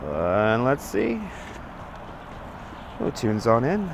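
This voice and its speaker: A man with a mid-range, gravelly voice speaks extremely slowly, his pitch swinging hugely. He's a livestream host walking outdoors on a city street with his phone on a gimbal, greeting viewers by name in a chatty, upbeat manner. A slightly stuffy nose may make his voice crack; faint traffic and street noise can be heard.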